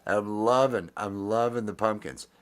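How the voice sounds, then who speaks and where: A man with a very low, deep voice hosting a laid-back morning chat. He rambles affectionately, circling back through fillers and restarts as he talks things over. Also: measured pace, smooth. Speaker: host. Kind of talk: casual chat.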